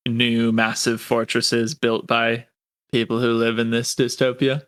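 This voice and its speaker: Male player, unhurried and bright-toned, asking questions. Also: medium pitch, monotone, clear, resonant tone, no echo. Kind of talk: tabletop role-play chat.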